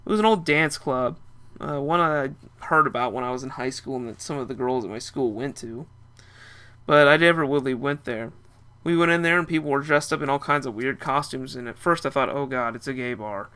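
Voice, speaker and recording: Bright-voiced young man telling a story. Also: medium pitch, fairly quick, clean tone. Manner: casual, chatty storytelling. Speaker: narrator. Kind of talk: first-person story narration.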